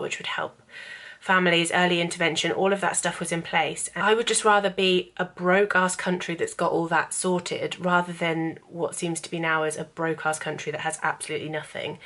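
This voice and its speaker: A woman in her thirties with a low voice, chatting to camera in a casual vlog. She talks candidly and drifts from topic to topic, her voice emotional and close to tears. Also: a bit bright. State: tearful, emotional. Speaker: vlogger and author. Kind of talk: casual talking-head vlog.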